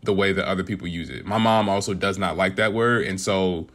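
A man, a hip hop artist, answering interview questions in an earnest, measured way and laughing easily. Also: sits low, fairly even intonation. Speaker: guest rapper.

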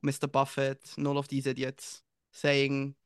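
A man's voice: medium pitch, monotone, unhurried, clear, resonant tone, no room sound, studio quality. A man hosting a podcast, asking reflective, rambling questions. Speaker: podcast host. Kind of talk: casual podcast interview.

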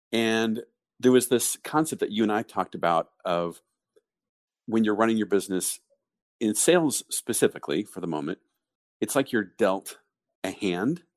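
A man with a very low voice co-hosts a casual business podcast. The recording is dry and close, with no room sound. He explains his ideas through steady, conversational storytelling. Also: dry recording. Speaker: podcast co-host.

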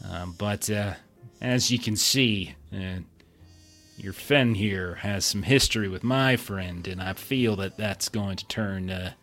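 A man voicing a smooth-talking male crime boss who calmly tries to soothe a tense room with a slow, falsely friendly manner. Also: on the low side, soft background music.

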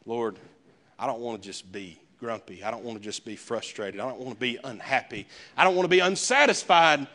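A man's voice: mid-range voice, fairly quick, sharp tone. A male pastor, preaching a sermon in a conversational way with folksy asides. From American South.

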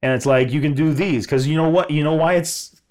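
A man's voice: fairly high pitch, brisk. A man casually telling an exasperated story, swearing and laughing, quoting people in his own voice. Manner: animated, swearing, laughing, mimicking others in quotes.

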